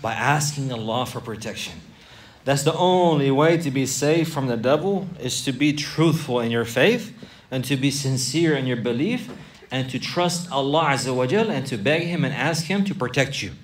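A man's voice: medium pitch, normal speed, far from the mic. A man teaching a religious lesson to children, asking questions, repeating key phrases and stacking lists. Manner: asks and repeats questions, animated, builds lists. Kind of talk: Islamic lesson for kids with questions.

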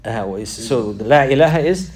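A man's voice: medium pitch, animated, fairly quick, a little mellow. A man teaching a religious class, repeating key phrases for emphasis and putting questions to his students. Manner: quizzes the class.

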